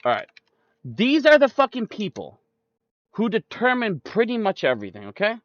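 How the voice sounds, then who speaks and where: Man, young, high voice, profane, combative political rant, dry dull recording. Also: wildly swooping pitch, moderate pace, fairly bright tone, no echo. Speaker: streamer. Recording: dull, dry close-mic sound.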